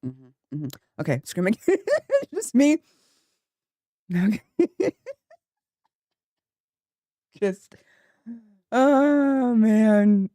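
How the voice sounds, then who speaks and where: A woman streamer chatting casually from her home office into a studio mic, a little tired and mellow, often breaking into laughter. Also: medium pitch, no echo. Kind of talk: casual chat on a gaming stream. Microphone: new studio microphone.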